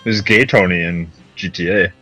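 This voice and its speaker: A man's voice: low-pitched, steady tone, normal speed, pushed and bright. A man, a game developer streaming, chatting casually in a laconic, teasing way. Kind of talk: casual chat while playing. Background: faint music.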